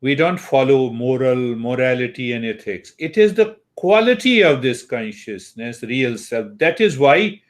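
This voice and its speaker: A man teaching meditation slowly and calmly, with long pauses and Sanskrit terms. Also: fairly high pitch. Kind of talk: spiritual teaching talk.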